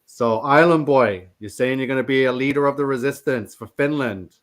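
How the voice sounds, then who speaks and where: A man's voice: mid-range voice, moderate pace. A man hosting a live stream chat, who greets viewers with enthusiasm. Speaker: host.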